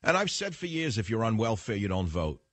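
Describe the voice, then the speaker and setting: A man's voice: on the low side, very animated, brisk, dry recording. An older man hosting a talk radio show, delivering a combative, lecturing monologue straight at the listener.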